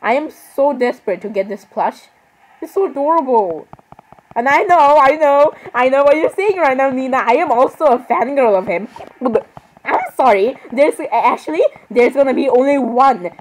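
A woman's voice: high voice, expressive, moderate pace, poor audio. A young woman chatting casually while she plays a game online, rambling and exasperated, apologizing over and over. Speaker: gaming vlogger. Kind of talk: casual gaming commentary.

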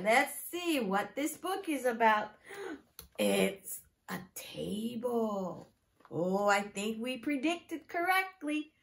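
A preschool teacher with a slightly high voice reads a picture book aloud to her class. She asks the children questions in an exaggerated, animated way.

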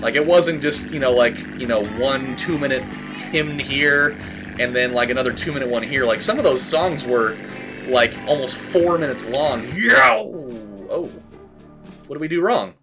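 A man giving casual gaming commentary. He rambles, swears, fills every pause with "like" and "dude", and shouts at the game when it goes wrong. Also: mid-range voice, lively intonation, over music. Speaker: let's play host.

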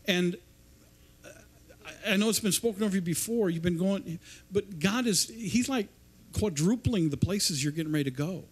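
A man's voice: sits high, normal speed, slightly rough. A man preaching an informal sermon to a church congregation, rambling and often repeating and restarting his words. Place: church service.

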